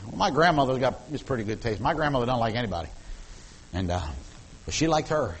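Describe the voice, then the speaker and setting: A man's voice: medium pitch, animated, fast, slightly rough, poor audio. A middle-aged man preaching a sermon. He tells folksy, humorous stories and repeats words as he builds up steam. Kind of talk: sermon with personal storytelling.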